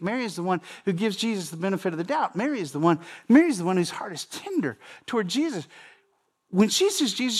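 A man preaching a sermon in a conversational way, often repeating phrases and speaking straight to the congregation. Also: high voice. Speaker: pastor.

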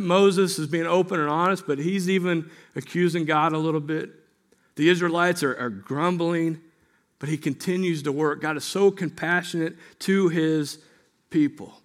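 A man preaching a sermon as pastor, earnest and conversational, often checking in with "right?" and growing quiet and gentle as he leads prayer. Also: a little high. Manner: earnest, repeats key phrases, asks "right?"; turns quiet and slow while leading prayer.

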